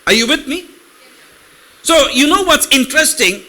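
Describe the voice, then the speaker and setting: High bright-voiced male preacher. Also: lively intonation. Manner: talks directly to congregation with questions; reads Hebrew words slowly. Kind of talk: sermon teaching.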